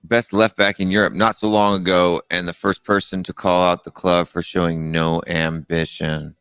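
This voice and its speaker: Man, middle-aged, very low voice, smooth, dry sound, rambling live-stream chat. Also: flat delivery, fairly bright tone, no echo. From United States. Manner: rambling, halting, with many fillers and restarts. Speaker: live call-in show host.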